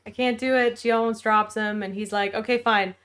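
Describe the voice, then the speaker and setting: A woman's voice: on the high side, fairly even intonation, brisk, a bit bright. A woman co-hosting a casual book club chat, retelling scenes with jokey, playful asides. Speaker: podcast co-host.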